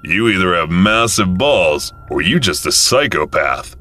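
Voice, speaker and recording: Male narrator doing a dry, teasing old man with a deep voice. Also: expressive, unhurried, bright, forceful tone, exaggerated voice. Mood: wry. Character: wry old man diner regular.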